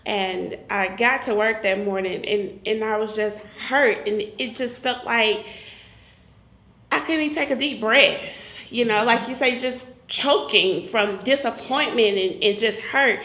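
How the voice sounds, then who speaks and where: Woman telling her story, bright higher voice, keeps repeating words, roomy echo. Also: measured pace. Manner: animated, laughing, repeats words for emphasis. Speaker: group therapy participant sharing testimony. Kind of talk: emotional personal testimony.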